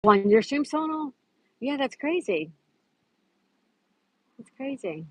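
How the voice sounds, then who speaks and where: A woman's voice: high voice, big pitch swings, takes it slowly, a little mellow, husky, low-quality recording. A woman hosting a casual live stream outdoors at a park, chatting and greeting viewers by name as she reads their comments. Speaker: livestream host.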